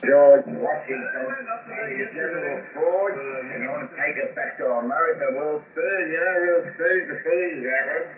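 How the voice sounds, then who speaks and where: Drunk aussie guy ranting and cursing, shouty bits, sounds like a tinny echoey radio from far away. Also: on the high side, expressive, normal speed, a crowd in the background. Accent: Australian. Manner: rambling, profane, shouts in bursts.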